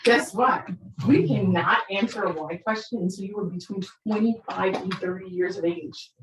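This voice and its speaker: A middle-aged woman tells parenting stories to an audience, animated and acting out the quoted voices. Her medium-pitched voice moves at normal speed, with slight background noise and roomy sound from far off the mic.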